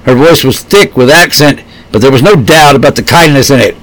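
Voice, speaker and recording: A man narrating a storybook in a steady, measured reading voice. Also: mid-range voice, rough recording.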